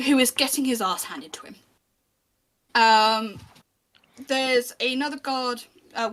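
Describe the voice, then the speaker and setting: Woman game master, high bright voice, chatty narration, frequent ums. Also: rough recording. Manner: chatty, lots of ums and restarts.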